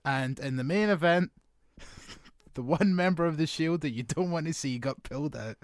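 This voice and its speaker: Easygoing male co-host with a high voice who rambles and laughs easily. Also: normal speed, dry recording, clean studio sound. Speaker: podcast co-host. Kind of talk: casual chat.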